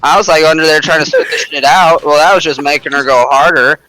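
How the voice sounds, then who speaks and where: A man's voice: on the high side, fairly even intonation, fast talker, background noise. A young man telling a crude, boastful story over game voice chat, laughing as he goes. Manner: boastful, vulgar, laughing through his story.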